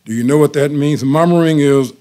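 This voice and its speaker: A man's voice: a little high, a little fast, warm tone. An older man preaching a sermon, telling folksy everyday stories and repeating key phrases for emphasis. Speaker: pastor.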